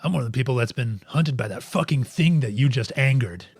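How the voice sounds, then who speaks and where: A man voicing a gruff, suspicious waitress woman who fires off demanding questions. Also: mid-range voice, a little fast, background noise, lightly acted. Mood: hostile.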